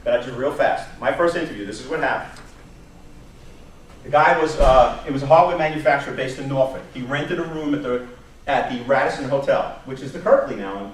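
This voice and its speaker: A man, giving an animated talk at a staff workshop, telling stories and repeating words as he goes. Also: mid-range voice. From New York area. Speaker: job search presenter. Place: meeting room. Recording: echoey room from far off, faint noise.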